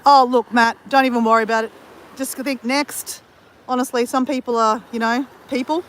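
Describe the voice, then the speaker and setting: A livestream vlogger walks outdoors by the sea, holding her phone and chatting casually with viewers, addressing them by name and laughing easily. Her voice is a little high with fairly even intonation at normal speed, and there's slight background noise.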